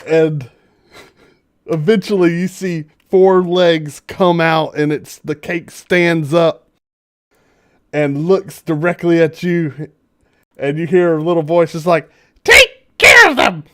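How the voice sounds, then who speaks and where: A man's voice: fairly high pitch, steady tone, slow pace, darkish tone. A man running a tabletop fantasy game on a livestream, narrating scenes playfully and laughing with his players. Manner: playful descriptive storytelling, breaks into laughter. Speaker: game master.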